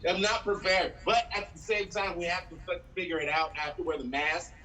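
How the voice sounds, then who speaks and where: A man from San Diego performing an animated stand-up set, swearing freely and acting out quotes. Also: high-pitched, brisk, recorded from a distance, low-quality recording. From San Diego, USA. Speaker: stand-up comedian. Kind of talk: live-streamed stand-up set.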